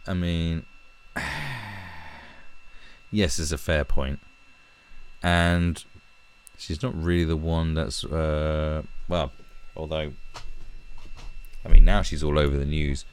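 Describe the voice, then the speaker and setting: A man's voice: rumbling low, slow, pauses often, clean tone. A man giving casual video commentary as an online host, sarcastic and rambling, with swearing along the way.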